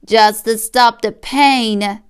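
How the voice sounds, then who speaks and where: A woman voicing a tearful, pleading male fox who speaks slowly and whimpers. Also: a little high, steady tone, slight background noise. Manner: slow, wailing and whimpering.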